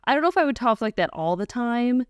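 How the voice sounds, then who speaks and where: A woman's voice: a little high, expressive, fast, clean tone, no echo, studio quality. A woman co-hosting a podcast in casual chat, easygoing and jokey. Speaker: podcast co-host.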